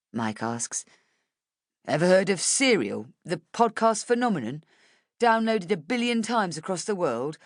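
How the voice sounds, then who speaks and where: A woman narrating an audiobook in the first person, calm and measured. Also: fairly low pitch, no room sound, studio quality.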